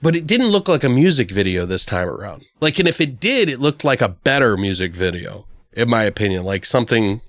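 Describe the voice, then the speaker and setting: A man's voice: medium pitch, a bit bright, no room sound, clean studio sound. A man hosting a casual horror film podcast, rambling through a story and swearing freely. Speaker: horror movie podcast host. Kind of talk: casual chat, film review.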